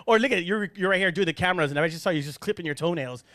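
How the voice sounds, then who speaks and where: A man hosting a casual podcast chat in a studio, animated and joking, laughing often. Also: sits high, racing, no echo. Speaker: podcast host.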